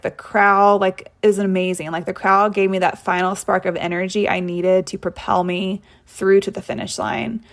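A young woman from Tennessee hosting a podcast, telling a personal story in a casual, reflective way and saying "like" often. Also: medium pitch. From Tennessee, USA. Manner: casual, reflective, heavy use of "like". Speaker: podcast host.

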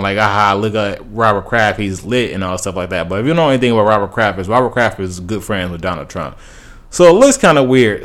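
A man's voice: fairly low pitch, a bit bright. A man talks through his opinions in a loose, rambling way. He is a podcast host, and he fills his sentences with "um" and "like" and restarts them as he goes. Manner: rambling, conversational, many fillers and restarts. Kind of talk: casual opinion commentary.

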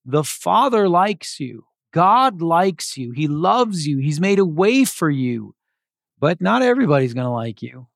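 A man's voice: on the high side, sing-song, a little slow, creaky, dry recording, clean studio sound. A man preaching a sermon as a pastor, earnest and conversational with casual asides.

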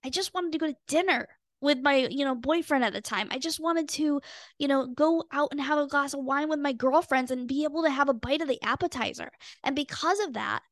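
A woman's voice: high-pitched, fairly quick, no echo, studio quality. Earnest young woman telling a personal story. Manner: earnest and expressive, acts out her own past thoughts. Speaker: podcast host and weight loss coach.

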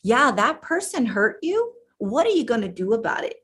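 Emphatic woman life coach, fairly high voice. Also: sing-song, moderate pace, breathy edge. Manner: emphatic and repetitive, rallying. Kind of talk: motivational talk.

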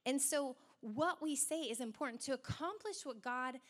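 A young adult woman preaching a sermon in an animated way, acting out quoted voices as she goes. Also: high-pitched, moderate pace.

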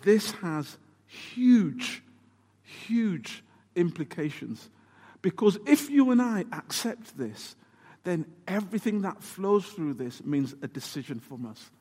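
A man with a high-pitched voice preaches with animated emphasis and asks his listeners rhetorical questions. His voice carries a long, echoing hall reverb. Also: slow, husky. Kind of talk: sermon.

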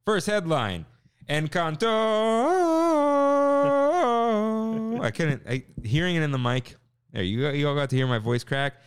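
A man's voice: mid-range voice, a little fast, clean tone, no room sound, studio quality. A young man co-hosting a casual podcast, chatting and reading listener emails aloud. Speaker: podcast co-host. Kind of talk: casual chat.

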